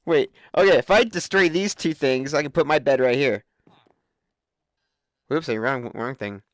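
A man hosting a live stream, chatting excitedly and laughing as he plays a game. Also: medium pitch, normal speed, no room sound, clean studio sound. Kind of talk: casual gameplay commentary.

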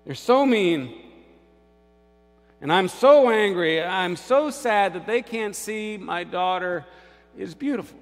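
A man's voice: high-pitched, animated, slow, faint music behind, pitched above the performer's own voice, full character voice. A preacher voicing a distraught mother who is angry and heartbroken. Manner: distraught, impassioned. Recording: long church reverb.

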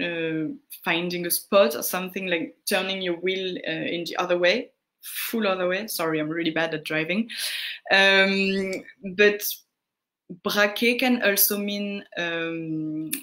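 A woman with a French accent giving casual French lessons, answering viewer questions with frequent pauses and fillers. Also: fairly low pitch, a bit bright. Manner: unhurried, answering viewer questions, greets chatters; hesitant, many fillers. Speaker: French tutor on a live stream.

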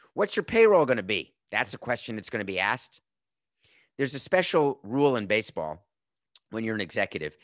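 A man's voice: on the low side, a bit bright, no echo, studio quality. A man in his fifties hosting a sports podcast, giving opinionated commentary with emphatic, sarcastic rhetorical questions. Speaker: podcast host.

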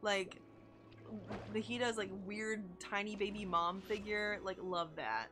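Streaming a video game, a young woman gushes and chats in a medium-pitched, unhurried voice. Her casual live-stream talk is packed with "likes" and "oh my gods."

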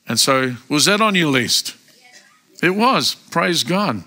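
An Australian man preaching a sermon in a church, emphatic and rising to loud exclamations, acting out quoted prayers. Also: a little high, animated, unhurried, creaky. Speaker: pastor. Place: church service.

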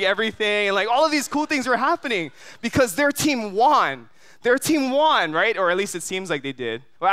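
A man's voice: on the high side, pushed and bright, clear, resonant tone. A man from Hawaii preaching a sermon, telling a long story full of fillers and often asking the crowd "right?". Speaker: pastor. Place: church service.

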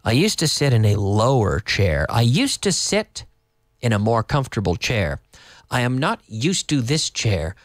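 Man, online lesson, lively pitch, dry sound. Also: no echo. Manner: lively, explains slowly with repetition and Spanish glosses. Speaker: English teacher. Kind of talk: casual online English lesson for Spanish speakers. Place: in Madrid.

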